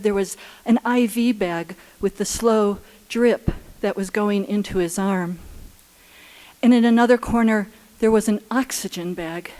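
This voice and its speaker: A woman telling a personal story live on stage at a story slam, earnest and unhurried, with halting restarts. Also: mid-range voice, darkish tone.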